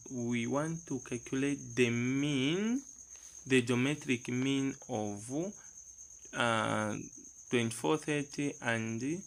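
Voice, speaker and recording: A man's voice: mid-range voice, fairly bright tone, rough recording. A man teaching a math lesson step by step, reading numbers aloud and asking the class rhetorical questions.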